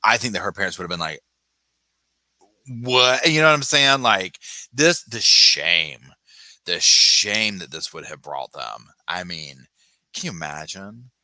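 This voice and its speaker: Animated man hosting a sassy true-crime stream. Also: low-pitched, normal speed, no room sound. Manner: animated, sassy, mimics people in exaggerated voices; reads viewer chat aloud and thanks supporters. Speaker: true crime livestream host. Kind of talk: casual livestream commentary.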